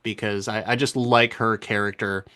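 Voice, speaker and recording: A man co-hosting a podcast, chatting casually and eagerly about episodes he enjoyed. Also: fairly low pitch. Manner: enthusiastic, animated, quick to laugh. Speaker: podcast co-host. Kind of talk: casual review chat.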